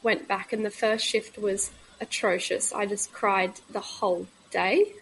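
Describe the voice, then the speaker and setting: A woman in her thirties, a midwife, speaking as a guest in a candid podcast conversation, halting and frank with many pauses and fillers. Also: mid-range voice, fairly even intonation, gravelly, fairly bright tone, slight background noise, poor audio.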